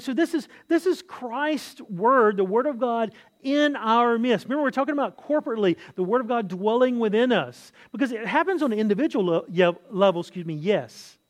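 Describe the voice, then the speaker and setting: A married man preaching a sermon as pastor, earnest, repeating key phrases and often restarting his sentences. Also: high-pitched. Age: adult, married.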